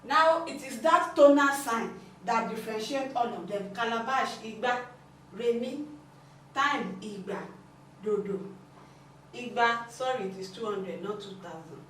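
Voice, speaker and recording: A woman's voice: on the high side, animated, normal speed, a bit bright, a little hiss or hum. A woman giving a language lesson, explaining patiently and repeating her points. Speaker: language teacher. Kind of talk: classroom lesson. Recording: echoey room, mic at a distance.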